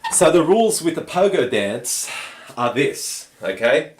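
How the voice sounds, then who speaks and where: An Australian man hosting a casual live chat stream and talking to viewers in a relaxed, rambling way with many fillers. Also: fairly high pitch, unhurried, a little hiss or hum.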